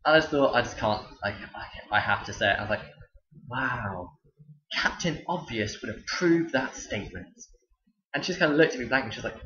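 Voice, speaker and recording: A man's voice: medium pitch, expressive, a little fast, a bit bright. A young man, a teacher, telling stories casually to camera with a dry, sarcastic delivery. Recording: roomy, dull lo-fi sound.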